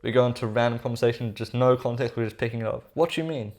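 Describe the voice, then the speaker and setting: A man's voice: mid-range voice, little pitch movement, fast talker, darkish tone. Sarcastic, swearing man reacting. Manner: sarcastic, profane, addresses viewers as bro. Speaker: reaction commentator. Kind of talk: casual reaction commentary.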